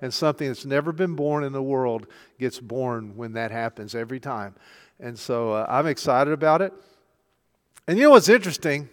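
A man's voice: medium pitch, lively intonation, normal speed, fairly bright tone. An older man, a pastor, preaching a chatty sermon full of rhetorical questions. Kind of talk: conversational sermon. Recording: long hall reverb.

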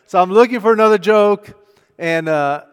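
A middle-aged man preaching a sermon, telling a story conversationally and moving between hushed and loud delivery. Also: high-pitched, normal speed, clean tone. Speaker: pastor. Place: church sanctuary. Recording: long church hall reverb.

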